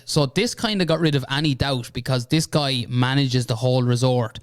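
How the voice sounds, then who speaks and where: A young Irish man, a podcast guest, telling a long anecdote in casual chat, animated and peppered with "right?" and "you know". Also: medium pitch, normal speed, few pauses, no room sound, clean studio sound. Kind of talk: casual storytelling.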